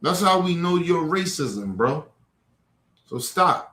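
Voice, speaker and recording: A man's voice: a little high, expressive, slow pace, sharp tone. A man hosting a livestream, confronting trolls in the chat in a heated, profane rant. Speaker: livestream host. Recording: echoey room.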